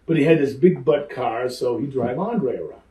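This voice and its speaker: An older man, a former pro wrestler, telling lively stories in an interview and acting out the people in them. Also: medium pitch, moderate pace, recorded from a distance. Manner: animated, acts out the people in his stories. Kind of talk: lively anecdotal storytelling. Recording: roomy echo, speaker off-mic.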